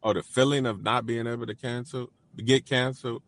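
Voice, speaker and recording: A man co-hosting a casual podcast chat, thinking aloud in a relaxed way. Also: medium pitch, fairly quick, no room sound. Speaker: podcast co-host.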